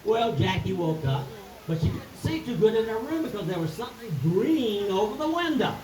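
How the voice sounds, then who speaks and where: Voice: medium pitch, very animated, normal speed, echoey room, crowd noise, poor audio. A storyteller telling a folk tale in a live skit, in a folksy, sing-song way with chanted refrains.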